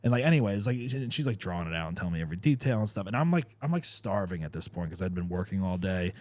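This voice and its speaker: A man's voice: low voice, very animated, very fast, a little mellow. A man hosting a podcast, telling a long rambling story full of fillers and swearing. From New Jersey. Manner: rambling, filler-heavy, profane. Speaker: podcast host. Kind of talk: casual storytelling chat.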